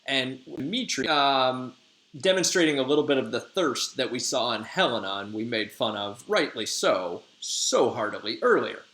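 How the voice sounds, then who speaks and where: A man's voice: mid-range voice, animated, moderate pace, fairly bright tone. A male teacher casually retelling a play to his class in slangy, conversational talk. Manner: slangy, conversational, lots of fillers. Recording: echoey room.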